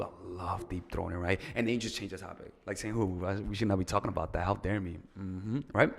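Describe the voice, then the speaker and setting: A man's voice: on the low side, vocal fry, long reverb tail. A man giving casual, crude, rambling dating advice as a coach, with loose fillers and restarts.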